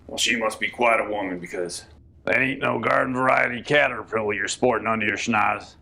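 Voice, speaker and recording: A man telling folksy tall tales in a deadpan comic interview. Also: fairly low pitch, brisk, creaky. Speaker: comic storyteller.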